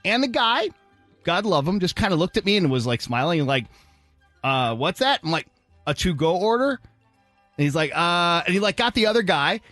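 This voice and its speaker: A male morning radio host with a high, bright voice that swoops all over as he tells a story. He acts out every voice in the exchange with lively energy. He is recorded dry in a studio, with faint music underneath. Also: fast, no room sound. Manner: animated, acts out both sides of the dialogue. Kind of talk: casual on-air storytelling.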